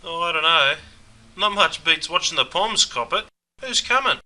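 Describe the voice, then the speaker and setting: A man's voice: fairly high pitch, lively intonation, moderate pace, bright, forceful tone, rough recording. A man playing a laid-back Australian bloke watching cricket, with a broad slangy drawl and an Australian accent. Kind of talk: scripted comedy sketch.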